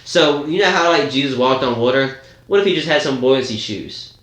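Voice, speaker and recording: A man's voice: medium pitch, expressive, moderate pace, fairly bright tone, echoey room. A man co-hosting a podcast in casual chat, rambling and laughing as he swears freely. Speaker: podcast co-host.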